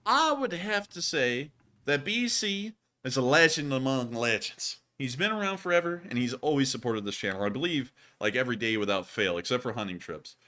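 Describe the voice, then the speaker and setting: A young man hosting a live news stream, talking in an excitable, rambling way with lots of "like". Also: medium pitch, moderate pace. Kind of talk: casual live-stream chat.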